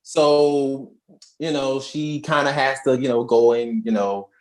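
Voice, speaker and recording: A young adult woman co-hosting a podcast, casually retelling a movie plot in slangy, animated storytelling. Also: extremely low pitch, unhurried. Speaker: podcast co-host. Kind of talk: casual movie recap chat.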